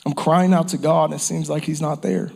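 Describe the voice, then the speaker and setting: A man preaching a sermon with fervor. His voice sits a little higher than most men's. He repeats his phrases for weight and at times falls to a hush. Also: steady tone, a little fast, creaky, breathy edge. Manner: impassioned preaching with repeated phrases and dropped whispers. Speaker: pastor. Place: church or campground service.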